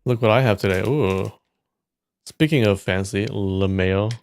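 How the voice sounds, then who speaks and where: Low-voiced man bantering with chat. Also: normal speed, slight background noise. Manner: joking, teasing banter with frequent laughs. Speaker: live stream host. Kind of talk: casual chat with stream viewers.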